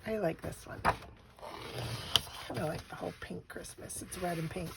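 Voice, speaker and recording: A woman's voice: on the low side, fairly even intonation, moderate pace, gravelly, heavy background noise. An older woman hosting a crafting channel, chatting casually and telling stories with frequent laughter. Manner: chatty storytelling, laughs often. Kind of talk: casual chat while crafting.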